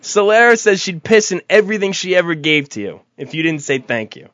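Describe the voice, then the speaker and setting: Man, slightly high voice, profane and heated, casual podcast banter, dull dry sound. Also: animated, brisk, fairly bright tone, no room sound. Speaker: podcast co-host. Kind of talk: casual argumentative chat.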